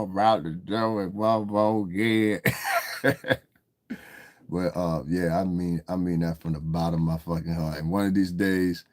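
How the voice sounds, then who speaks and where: A deep-voiced man talks casually and profanely on a live stream, answering his chat as he goes. His voice is recorded close and dry, with no room sound around it. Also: no room sound. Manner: loose, profane, chatty, talking to viewers in chat.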